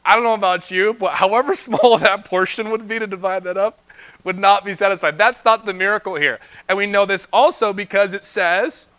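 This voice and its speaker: An animated young man delivers a sermon, his voice pitched high for a man and bright with a forward edge. He laughs often and slips into quick voices for the people in the story. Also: smooth. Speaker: pastor.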